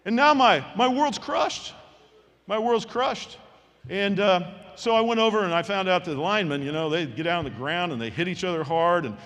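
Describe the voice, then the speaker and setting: Man in his 60s, commencement speaker, folksy storyteller, fairly high voice, long hall reverb. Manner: folksy, animated storyteller who voices the people he quotes. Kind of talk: storytelling speech. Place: large hall at a graduation ceremony.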